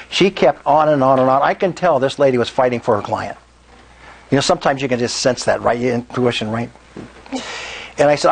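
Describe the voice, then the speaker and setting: A man's voice: mid-range voice, quick pace, husky, rough recording. A man giving a live real estate seminar talk, telling stories and asking the audience questions. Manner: animated storyteller, asks the room questions. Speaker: meetup speaker.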